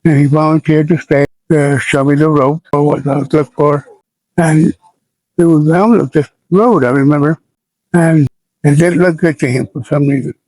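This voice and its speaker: An American man in his seventies, an army veteran recalling his service in a plainspoken, halting and somber way for an interview. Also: fairly high pitch, fairly even intonation, a little mellow, no room sound, low-quality recording. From United States. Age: 70s. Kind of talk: oral history recollection.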